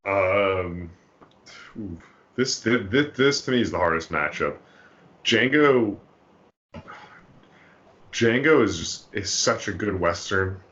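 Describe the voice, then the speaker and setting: A man's voice: on the low side, animated, slow, long pauses, a bit bright, dull audio. A man co-hosting a film podcast, talking casually and often restarting his sentences. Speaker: podcast co-host. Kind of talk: casual chat.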